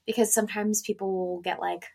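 A woman co-hosting a casual chat, telling work stories in a lively way and acting out customers, with a voice trained to project. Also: medium pitch, a little fast, gravelly, slightly rough. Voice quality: projecting theater voice. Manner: animated storyteller, acts out customers in voices. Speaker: podcast co-host.

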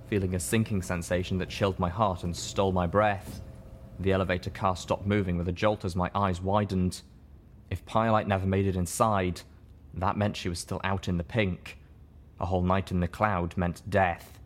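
A man narrating an audiobook in the first person, with a steady, measured reading. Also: low-pitched, a little hiss or hum.

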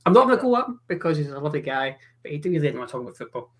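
A man's voice: on the high side, sing-song, very fast. A man telling a story in casual podcast chat.

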